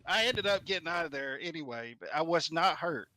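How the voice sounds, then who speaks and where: A man's voice: on the high side, lively intonation, a little fast, sharp tone, dry recording. A man co-hosting a casual podcast, telling a personal story in a chatty, rambling way. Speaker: podcast co-host. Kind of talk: casual chat.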